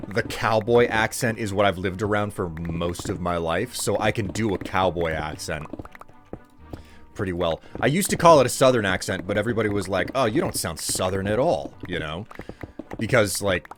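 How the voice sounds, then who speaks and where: A man streaming himself gaming, chatting in a relaxed, rambling way that often corrects itself. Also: on the low side, normal speed, over music. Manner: rambling, self-correcting, chuckling. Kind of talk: laid-back live-stream chat while gaming.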